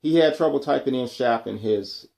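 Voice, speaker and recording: Male vlogger, animated storyteller who acts out dialogue, mid-range voice. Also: mid-range voice, normal speed, vocal fry. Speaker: vlogger telling a work story. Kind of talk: casual storytelling.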